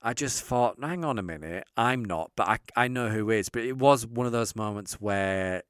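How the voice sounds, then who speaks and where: A man telling a story as an interview guest, lively and acting out the dialogue he quotes. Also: lowish voice, moderate pace, clean tone, dry recording, studio quality. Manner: animated, acts out quoted dialogue.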